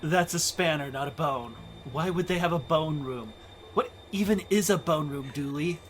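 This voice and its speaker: A man's voice: a little high, moderate pace, faint music behind, close to an everyday voice. A man voicing a wry, sarcastic male detective while reading game dialogue aloud. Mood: sardonic.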